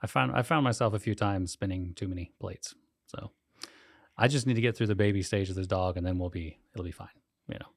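A man's voice: low voice, a little fast, vocal fry, no room sound, studio quality. A middle-aged man co-hosting a podcast, chatting easily and laughing often, a week out of sinus surgery. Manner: easygoing, laughs often, rambling. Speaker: podcast co-host. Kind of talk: casual chat.

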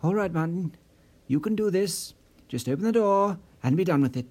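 A man's voice: high-pitched, expressive, moderate pace, a little mellow, breathy edge. A man voicing a nervous male office supervisor who stammers and hesitates, raised a little above his own voice. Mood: self-encouraging.

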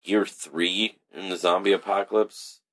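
A man's voice: sits low, fairly even intonation, a little slow, fairly bright tone. A young man in casual, rambling chat, swearing freely and laughing often.

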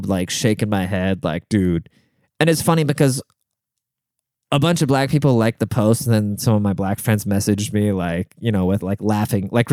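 A man's voice: lowish voice, a little mellow, smooth, dry recording, clean studio sound. A man hosting a show, telling a story in a casual, profane and exasperated way.

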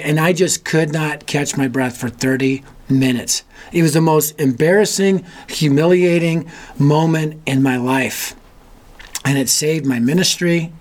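A man hosting a youth ministry show, telling a story sermon in an animated, self-mocking way. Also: a little high. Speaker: youth ministry leader and host.

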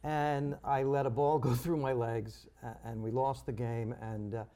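A man's voice: mid-range voice, flat delivery, unhurried, mellow. An older man from Long Island, co-hosting a casual chat and telling stories with dry jokes. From Long Island, New York. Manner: dry joking storyteller. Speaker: co-host.

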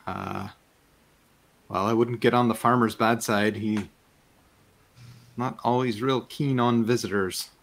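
A man's voice: fairly low pitch, steady tone, rapid-fire, creaky, few pauses, sharp tone, heavily acted. A man voicing a homespun rural fisherman. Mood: cautioning. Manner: drawling, homespun turns of phrase. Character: folksy male rural fisherman. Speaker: game master voicing a character.

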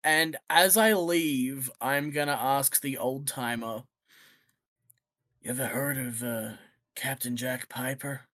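A player in a tabletop game, speaking in a laid-back, deliberate way. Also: mid-range voice, fairly bright tone. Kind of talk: in-character tabletop play.

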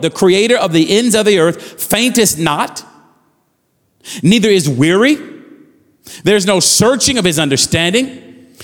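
A man's voice: sits high, fairly bright tone, big-room sound. A man preaching a fervent sermon as pastor, repeating phrases and building with rising calls to the congregation.

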